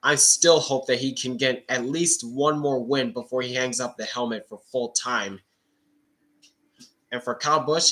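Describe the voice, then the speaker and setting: A man's voice: medium pitch, pushed and bright. A man streaming casual live race reactions, chatty and rambling, often restarting his sentences. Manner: rambling, chatty, repeats himself.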